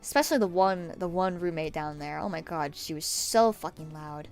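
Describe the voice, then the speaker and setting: A sick young woman streaming from her desk at home, rambling casually and swearing, with sudden loud yelps. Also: lowish voice, expressive, normal speed, hardly any pauses, smooth, soft background music. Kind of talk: casual chat while painting nails.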